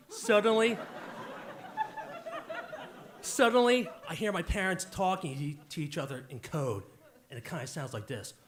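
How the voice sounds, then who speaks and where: Man, 40s, fairly high voice, wisecracking live storyteller on a stage mic. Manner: jokey, punchy, wisecracking.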